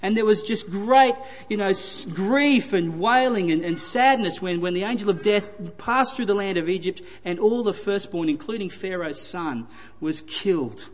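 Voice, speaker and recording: A man's voice: sits high, normal speed. A man preaching a sermon, retelling scripture with emphatic repetition. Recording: long hall reverb.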